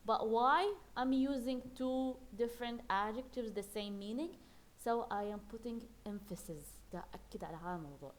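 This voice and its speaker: In a classroom, a woman teaches an English lesson that mixes Arabic and English, patiently explaining words, repeating them, and checking that her class is keeping up. Her voice is a little high, and she talks quickly with few pauses.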